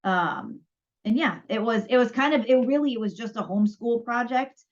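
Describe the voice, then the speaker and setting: This podcast co-host has a slightly high voice with lively intonation and a moderate pace. She chats casually and plays out both parts of past exchanges while telling a story, recorded in dull lo-fi sound.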